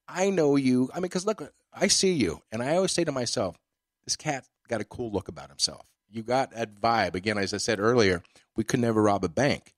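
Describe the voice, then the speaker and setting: A man's voice: medium pitch, animated, fairly quick, dry recording. A man hosting a podcast interview, telling long rambling stories with many fillers. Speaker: podcast host. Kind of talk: casual interview chat.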